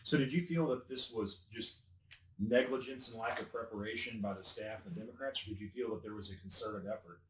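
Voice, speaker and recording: A man's voice: on the low side, fairly quick. A man interviewing a guest and asking brief, direct questions. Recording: off-mic in a roomy space, faint noise.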